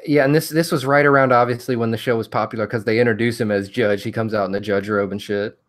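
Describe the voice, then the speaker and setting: A man's voice: mid-range voice, fairly even intonation, fast, fairly bright tone. A man co-hosting a casual podcast, easygoing as he recaps wrestling matches. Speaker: podcast co-host.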